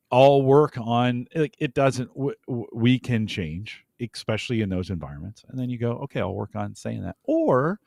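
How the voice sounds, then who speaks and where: A man's voice: medium pitch, darkish tone, no echo, studio quality. A man co-hosting a podcast, talking in a conversational, agreeable way with frequent restarts. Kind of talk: casual podcast chat.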